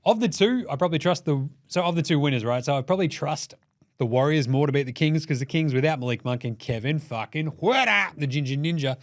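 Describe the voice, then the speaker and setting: A man with an Australian accent hosting a solo sports podcast, talking in a swearing, animated, jokey way. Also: on the high side, fast talker. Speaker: podcast host.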